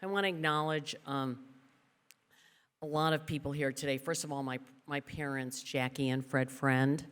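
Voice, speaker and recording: A woman's voice: a bass voice, steady tone, normal speed, clean tone. Woman, award acceptance speech, chatty, joking, fillers, podium mic, long echo of a large hall. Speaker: award recipient's sister giving acceptance speech. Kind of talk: ceremony speech.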